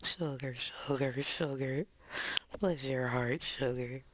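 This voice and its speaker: A woman's voice: a bass voice, takes it slowly, a bit bright, slight background noise, heavily acted. A woman voicing a doting, scolding Southern mama with a drawling Southern US accent and syrupy endearments.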